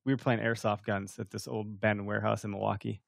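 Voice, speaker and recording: A man's voice: lowish voice, fast, creaky. A man telling rowdy stories on a casual podcast, swearing freely and laughing as he talks. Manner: animated storyteller, profane, laughs often. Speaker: podcast co-host or guest. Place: podcast studio.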